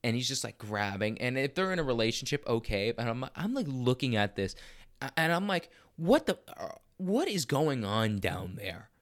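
A young man hosts a podcast from a room at home and tries out stand-up bits. He talks in a profane, animated ramble, restarting sentences and pushing his voice up for emphasis. He has a mid-pitched voice. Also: moderate pace. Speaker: podcast host.

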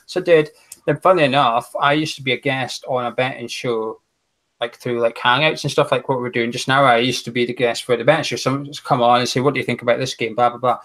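A man's voice: medium pitch, fairly even intonation, fast talker, a bit bright. Scottish man, guest on a fan-show chat, friendly rambling storyteller with lots of ums. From Aberdeen, Scotland. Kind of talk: casual chat.

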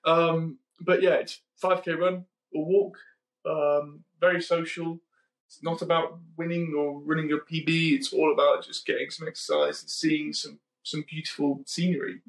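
A man hosts a casual podcast chat with a slightly raised pitch and a gravelly, fry-edged voice. He rambles and corrects himself as he goes, with plenty of ums. The room is echoey. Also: little pitch movement, normal speed. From United Kingdom. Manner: chatty, rambling, with frequent ums and self-corrections. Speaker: podcast host.

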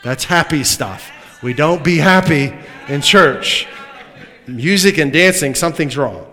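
A man preaching a sermon as a pastor, swinging from loud emphatic lines to hushed asides, with humorous remarks. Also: on the high side, expressive, unhurried, faint music behind. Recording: long reverb of a large hall.

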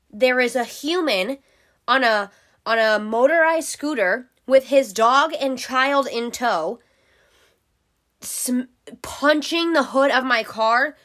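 A woman's voice: on the high side, fairly bright tone. A young woman hosting a podcast, telling a story in a casual, chatty way and swearing freely. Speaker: podcast host.

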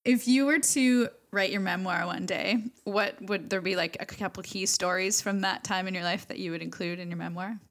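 A woman's voice: medium pitch, steady tone, normal speed, hardly any pauses, a bit bright. A woman hosting a casual podcast interview, asking curious questions and cheering her guest on. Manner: curious, encouraging interviewer with frequent likes. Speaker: podcast host.

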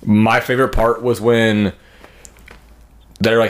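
A man's voice: fairly low pitch, a little fast. A man in his twenties, hosting a podcast, telling profane stories in a rambling, casual way and acting out what others said. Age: 20s. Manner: profane, rambling storyteller who acts out others' lines. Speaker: podcast host. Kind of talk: crude casual chat.

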